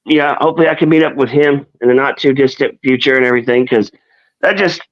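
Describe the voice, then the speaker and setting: A man's voice: mid-range voice, quick pace, dull audio. A man co-hosting a live stream in a rambling, casual way, with many restarts. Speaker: co-host.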